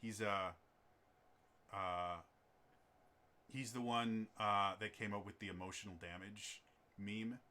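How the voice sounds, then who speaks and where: A man's voice: on the low side, fairly even intonation, takes it slowly, pauses often, bright, forceful tone. A man in casual conversation who rambles, with many fillers and restarts. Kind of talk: casual chat.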